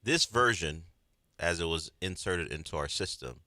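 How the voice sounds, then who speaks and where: A man with a very deep voice that swings widely in pitch and has a bright, forceful edge. He co-hosts a sports radio show, shutting down his partners bluntly and insistently. The sound is close and dry. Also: lively intonation, normal speed, no echo. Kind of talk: casual radio banter.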